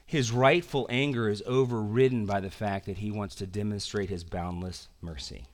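Guy preaching a sermon, gets loud and fired up then goes real quiet, throws in slang. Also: on the low side, normal speed. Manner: animated preaching, swinging from loud emphasis to quiet intensity; casual asides with slang. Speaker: pastor.

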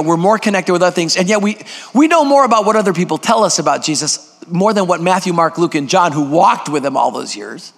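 A guest preacher with a high-pitched, fairly bright voice delivers an emphatic sermon in a church sanctuary, putting questions to the congregation. Long hall reverb fills the recording.

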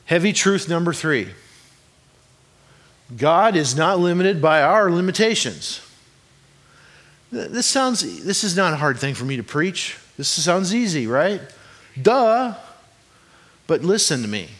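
A man preaching in a somewhat high voice, chatty and playful rather than solemn. He keeps throwing rhetorical questions at the congregation and cracking small jokes as he teaches. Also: big pitch swings, a little slow, long pauses, fairly bright tone. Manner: conversational, joking, asks the congregation rhetorical questions. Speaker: pastor. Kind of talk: sermon. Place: church hall before a congregation.

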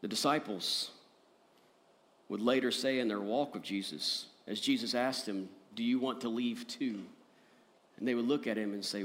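A man preaching a sermon as pastor, earnest, rising to emphatic peaks and dropping soft. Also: mid-range voice, normal speed.

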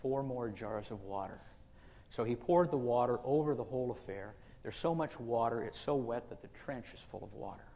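A man's voice: medium pitch, a little fast, hardly any pauses, dark tone, big-room sound, dull audio. A male pastor telling a story in a sermon, folksy and conversational.

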